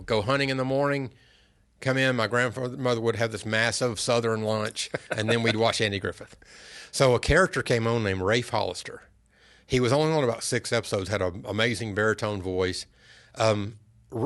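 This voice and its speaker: Middle-aged male guest, low gravelly voice, earnest unhurried storyteller. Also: fairly bright tone. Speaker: podcast guest. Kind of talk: casual storytelling interview.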